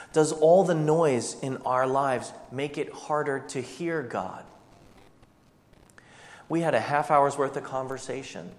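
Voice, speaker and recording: Male pastor, sermon, rhetorical questions, mid-pitched voice, long hall reverb. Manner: rhetorical questions, shifting pace.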